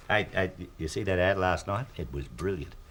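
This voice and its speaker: A man's voice: low voice, animated, moderate pace, a bit bright, a little hiss or hum. An actor in his sixties with an Australian accent, playing a retired working-class husband who tells long jokes, rambling and fumbling for words. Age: 60s. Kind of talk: scripted TV sitcom acting.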